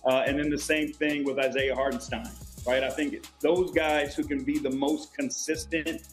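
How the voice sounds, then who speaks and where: A man, a basketball coach appearing as a guest, giving measured analysis with frequent hesitations. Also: on the high side, fairly even intonation, faint music behind. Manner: thoughtful, measured, frequent "uh" fillers. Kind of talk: analytical sports chat.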